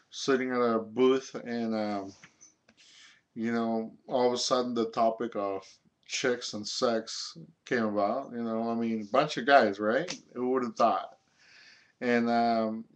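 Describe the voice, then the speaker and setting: A young man telling a story from his own life in a rambling, casual way, full of filler words and swearing. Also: mid-range voice.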